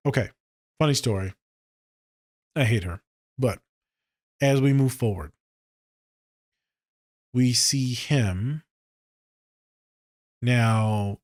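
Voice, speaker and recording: A man who works as a therapist, hosting a casual podcast and telling stories in a profane, joking way, swinging between low mutters and sharp high exclaims. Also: no room sound, studio quality. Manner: profane, joking, with frequent swearing.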